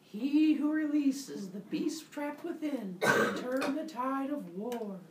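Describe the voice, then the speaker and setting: A man's voice: extremely high pitch, lively intonation, takes it slowly, heavy background noise, voice pushed up, heavily acted. A man doing a forgetful old earth grandmother. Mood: cryptic. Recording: roomy classroom from far off.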